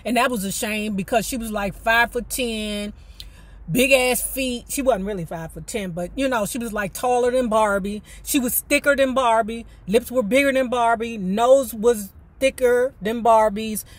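Husky, animated woman reading with commentary. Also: a little high, moderate pace. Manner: animated, colloquial, digressive. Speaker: vlogger reading a memoir aloud. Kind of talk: book reading with casual commentary.

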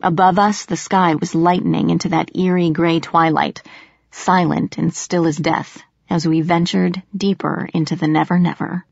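Woman narrating an audiobook in a dry, low voice. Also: level tone, normal speed, vocal fry, dry recording, highs cut off. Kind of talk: scripted first-person narration.

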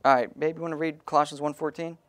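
Pastor, male, emphatic small-church preacher with a slightly high voice. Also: little pitch movement, fast talker. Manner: emphatic preaching, calls on congregants to read verses. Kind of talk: sermon.

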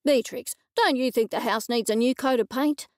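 A woman narrating an audiobook, voicing a grown son who speaks in a flat, disapproving way. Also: on the high side, moderate pace, no echo, studio quality, lightly acted. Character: grown son, critical and judgmental.

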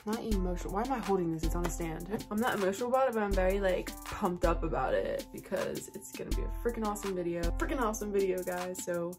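A woman rambling through a casual haul vlog, saying \"like\" at every turn. She sounds worn out but keeps chatting. Her voice sits in an ordinary middle pitch, and loud music plays underneath. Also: fast, hardly any pauses. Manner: chatty, filler-heavy, \"like\" constantly. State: tired. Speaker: haul vlogger and mother. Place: at home.

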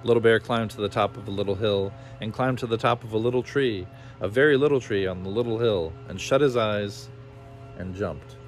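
A man's voice: on the low side, a little fast, soft background music. Man reading a children's storybook aloud.

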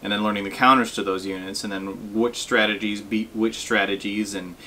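A man's voice: lowish voice, brisk, a little hiss or hum. A young man giving casual, self-deprecating commentary over gameplay as a gaming video host. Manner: relaxed, self-deprecating, frequent fillers.

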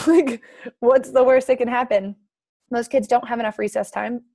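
Brief: thirties woman coach, higher voice, dry close sound, fired-up and emphatic on a video call. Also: no echo. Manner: energetic, emphatic, rallying. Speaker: team coach leader. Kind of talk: motivational team call.

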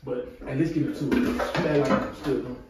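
A man's voice: on the high side, steady tone, normal speed, over loud music. A young man vlogging a prank, talking casually with lots of slang and swearing to his viewers. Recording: echoey room from far off, loud noise.

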